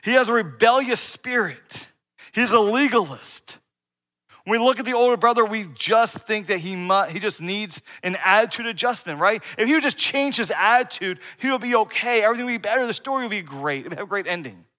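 Here a middle-aged man preaches to his congregation in a chatty style, frequently asking "right?" to check in with them. His pitch sits high, and his delivery is animated, a little fast, pushed and bright.

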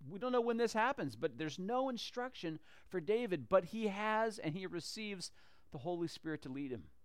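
A man's voice: high voice, lively intonation, moderate pace, smooth, no room sound. A man teaching a Bible story in a casual, conversational way, acting out the characters as he goes. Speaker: church teacher.

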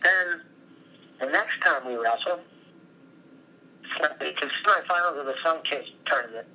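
A middle-aged former wrestler and coach, talking from his office, telling long, animated stories as an interview guest. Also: on the high side, unhurried, low-quality recording. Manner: rambling, animated storytelling.

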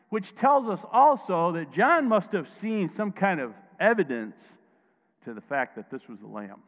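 A man preaching a sermon as pastor, emphatic, dropping quiet and then rising loud, and calling on listeners to answer back. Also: fairly high pitch, big pitch swings, normal speed. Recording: tinny phone-like sound, long hall echo.

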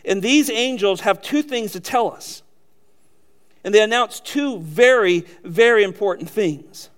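A man with a notably high voice delivers a sermon. He preaches earnestly, stacking short emphatic phrases and asking his listeners questions. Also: animated, unhurried. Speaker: pastor.

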